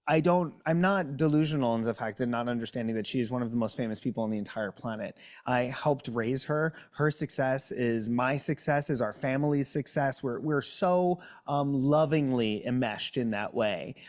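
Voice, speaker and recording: A man's voice: moderate pace, a little mellow. Exuberant, theatrical man from New Jersey. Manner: exuberant, theatrical, with big upward pitch swings. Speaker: podcast guest. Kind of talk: casual interview chat.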